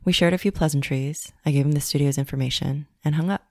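A woman podcast host reading a personal essay in a calm, reflective way. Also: low voice, quick pace, creaky, no echo, clean studio sound.

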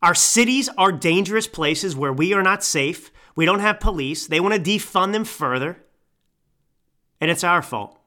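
A man in his thirties rants angrily into a microphone as a podcast host. His voice sits high and swings widely in pitch. The tone is bright and forceful, close to a yell. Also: lively intonation, normal speed. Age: 30s. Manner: angry, ranting, yelling. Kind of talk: political commentary rant. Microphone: studio microphone.

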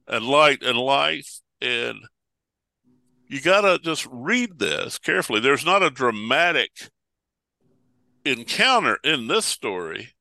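A pastor talking over preaching texts in casual conversation, a folksy storyteller who acts out the voices of Bible figures. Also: male voice, medium pitch, gravelly, bright, forceful tone, no echo.

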